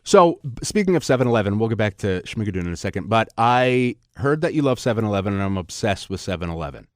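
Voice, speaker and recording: A man's voice: fairly low pitch, big pitch swings, fast, no echo. Male host, casual chat, rambling questions, dry close recording. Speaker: interviewer host.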